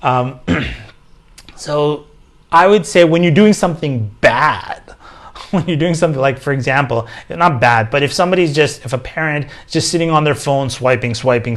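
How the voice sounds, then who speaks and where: A man hosting a live online religious talk, speaking in a relaxed, conversational way and mixing in Arabic phrases. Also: medium pitch. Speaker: host of a daily online Ramadan program.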